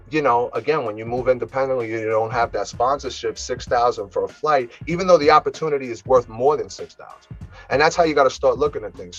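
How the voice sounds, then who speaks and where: A man from New York with a New York accent, a rapper chatting casually as an interview guest, animated and full of fillers. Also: medium pitch, husky, highs cut off. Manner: animated, laughs easily, many fillers.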